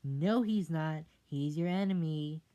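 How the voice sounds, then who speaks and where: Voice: medium pitch, fairly even intonation, unhurried, warm tone, natural voice. A reader voicing a bossy, villainous fairy mother in a storybook reading, with a scolding, commanding manner. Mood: stern, bossy.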